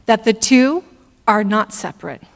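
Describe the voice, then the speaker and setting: A woman minister giving a reflective sermon, speaking deliberately with pauses. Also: mid-range voice, lively intonation, vocal fry, big-room sound. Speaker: intern minister. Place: church sanctuary.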